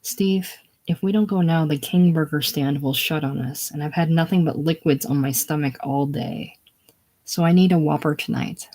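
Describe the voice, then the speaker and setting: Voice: medium pitch, normal speed, a little mellow, natural voice. A reader doing a tearful, needy woman propped up at a bar, whining and pleading. The delivery stays plain, as in a casual play reading.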